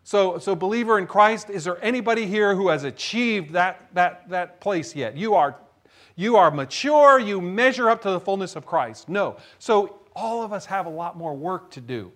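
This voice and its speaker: A man preaching a sermon as pastor, telling a story with animated shouts. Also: high voice, normal speed.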